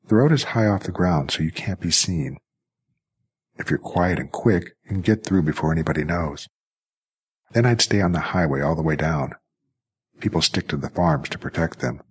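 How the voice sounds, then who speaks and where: A scrappy streetwise boy, blunt and quick-talking, as a male narrator puts him on. The voice is very deep and husky, barely lifted from the reader's own. It sounds like a storybook reading. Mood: urgent.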